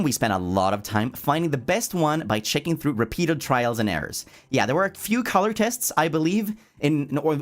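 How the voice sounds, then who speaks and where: A male streamer chats casually with his viewers, playful and quick to laugh. His pitch swoops around with lively energy, and excitement makes him stumble over words. He reads chat aloud and answers it, animated, with soft music faint in the background.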